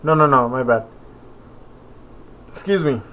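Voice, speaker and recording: A man's voice: medium pitch, lively intonation, measured pace, a bit bright. A young man vlogging in a casual, meandering way, full of fillers and self-corrections. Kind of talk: rambling casual vlog. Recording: phone-like narrow sound.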